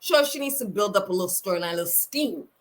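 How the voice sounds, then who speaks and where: A woman's voice: medium pitch, fast talker. A woman hosting a reality TV review, chatting casually and bluntly. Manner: blunt, lively, acts out quotes. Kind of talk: casual chat.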